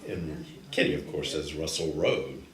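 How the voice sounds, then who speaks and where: An older man telling personal stories slowly and haltingly, often restarting his sentences. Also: extremely low pitch, fairly even intonation, crowd noise. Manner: slow, halting, with frequent restarts. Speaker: guest storyteller. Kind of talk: recorded personal storytelling. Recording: echoey room, distant mic, faint ambience.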